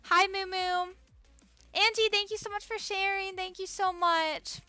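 Young woman, livestream host: high, bright, bubbly, chatty with viewers, faint music behind. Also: fairly even intonation, measured pace, no echo. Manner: bubbly, greets viewers by name, swings between squeals and low murmurs. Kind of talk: live-stream gaming chat.

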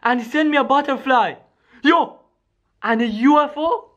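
A man hosting a scripted scary skit vlog, talking excitably to his viewers and constantly saying "yo" and "guys". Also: very high-pitched, moderate pace, muffled recording. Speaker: YouTuber.

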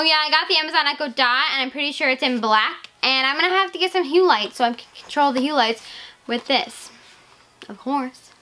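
A teenage girl vlogging casually to camera, gushing and excitable, full of "like" and "legit.". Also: sits high. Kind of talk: casual haul vlog.

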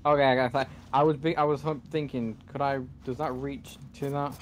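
A man's voice: medium pitch, steady tone, normal speed, a little hiss or hum. A young man giving let's play commentary, frustrated and swearing at the game as he plays. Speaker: gaming channel host.

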